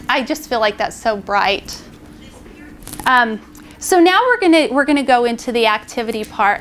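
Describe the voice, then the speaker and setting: A woman's voice: a little high, slight background noise. A woman teacher demonstrating a classroom lesson to other teachers, leading a group through counting aloud in a training room. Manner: leads group counting aloud with hand signals.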